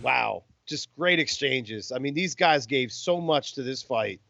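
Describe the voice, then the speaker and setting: A man's voice: medium pitch, expressive, unhurried, gravelly, sharp tone, dry recording. Laid-back man on a muffled dry line. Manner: laid-back, swears casually. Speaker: podcast co-host. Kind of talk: casual boxing commentary over beers. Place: home in Las Vegas. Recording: dull, dry lo-fi sound.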